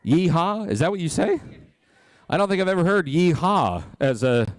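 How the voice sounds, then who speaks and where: A man calling a live charity auction, rattling off bids in a fast rhythmic chant and joking with the crowd. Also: on the high side, big pitch swings. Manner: playful crowd banter. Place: banquet hall at a gala.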